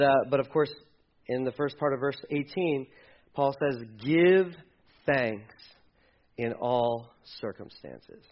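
A man preaching a sermon as pastor, animated, acting out quoted voices and swinging between loud and hushed. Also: medium pitch, muffled recording.

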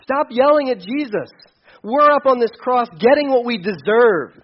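A remorseful male criminal speaks in an earnest, pleading voice, as a pastor acts him out. His raised voice sits high, and the recording sounds muffled. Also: expressive, moderate pace.

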